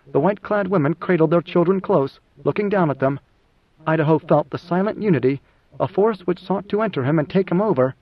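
A man narrating an audiobook in an even, measured storytelling manner. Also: fairly high pitch. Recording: dull lo-fi recording.

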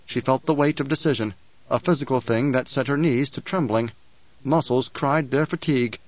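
Reading from a novel, this man narrates an audiobook at a steady, even pace, his voice sitting at medium pitch. There's no room sound, and the scripted recording comes across dry and a little dull.

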